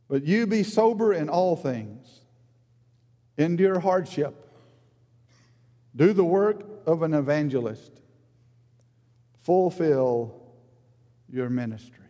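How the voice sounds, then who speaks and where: A man's voice: expressive, slow pace, pauses often. Earnest preacher man in a reverberant hall. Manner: earnest, rises in emphasis then drops low and quiet. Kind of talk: sermon.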